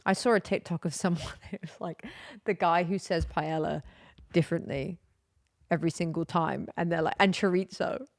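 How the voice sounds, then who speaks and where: A woman's voice: fairly low pitch, steady tone, normal speed, creaky, dry recording, studio quality. A young woman chatting casually on a live stream, rambling and giggly.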